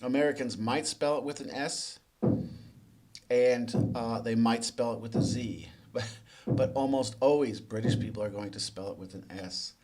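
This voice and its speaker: A man teaching English. He asks the viewer quiz questions, then explains the answers in a relaxed, conversational way. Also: medium pitch, normal speed. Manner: relaxed and conversational, with small restarts. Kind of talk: explanatory lesson narration.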